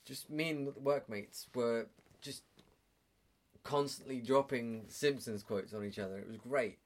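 A man's voice: medium pitch, unhurried. A young man co-hosting a podcast, chatting casually and rambling through stories with lots of swearing. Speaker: podcast co-host. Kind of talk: casual chat.

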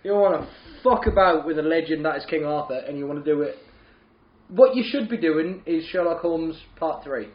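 A man's voice: a little high, normal speed. A man, co-hosting a podcast in casual, sweary, ranting banter. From northern England. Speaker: podcast co-host. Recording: roomy, slightly dull podcast audio.

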